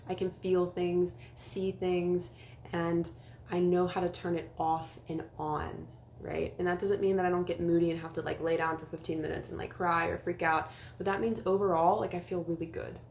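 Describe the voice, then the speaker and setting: With a lowish, gravelly, slightly mellow voice and a level tone, a young spiritual life coach talks casually on a livestream at a moderate pace. Earnest throughout, she sometimes sinks to a whisper for emphasis. It's recorded on a phone, with a little hiss or hum.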